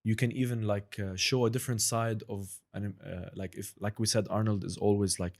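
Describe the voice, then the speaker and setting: A man's voice: on the low side, steady tone, fairly quick, gravelly. A man hosting a podcast, chatting casually and a bit self-deprecatingly about doing impressions. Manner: rambling, self-deprecating, breaks into brief impressions. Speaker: podcast host.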